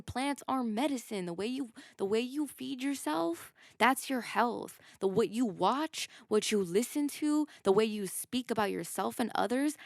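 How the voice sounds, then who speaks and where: A woman's voice: medium pitch, gravelly, no room sound, clean studio sound. A woman hosting a podcast, giving a casual, emphatic spiritual monologue, swearing and laughing as she goes. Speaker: podcast host.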